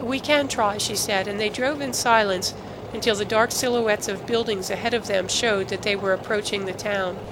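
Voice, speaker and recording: A woman's voice: mid-range voice, fairly even intonation, normal speed, background noise. Woman narrating a novel steadily. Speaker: audiobook narrator. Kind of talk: scripted narration.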